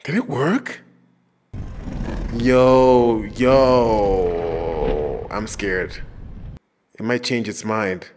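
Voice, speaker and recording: A man giving casual reaction commentary, animated and jokey, laughing often and acting out characters in playful voices. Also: lowish voice, very slow, pauses often, faint music behind. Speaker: reaction video host.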